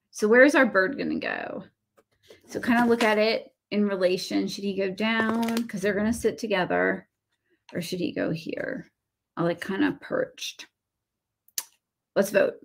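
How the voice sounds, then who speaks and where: A woman's voice: medium pitch, vocal fry. A woman in her thirties with a Southern American accent, hosting a casual craft livestream and rambling through stories with lots of fillers and self-deprecating asides.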